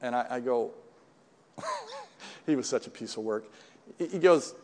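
A man's voice: mid-range voice, moderate pace, long pauses, a little mellow, long reverb tail. An older man speaking at a recovery meeting, telling his personal story in a conversational way and often checking in with the listeners. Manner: conversational storytelling, frequent "right?" asides. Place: meeting room.

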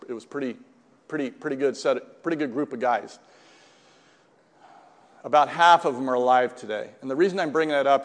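A man's voice: mid-range voice, long reverb tail. A man in his sixties giving a rambling personal testimony at a recovery meeting, full of restarts and asides. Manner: rambling storyteller, many restarts and "right?" tags.

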